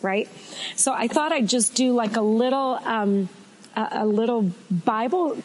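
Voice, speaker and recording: An American woman co-hosting a faith talk show, teaching in a casual, folksy, animated way. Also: a little high, a little slow, slight background noise, poor audio. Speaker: co-host teaching faith and personality types.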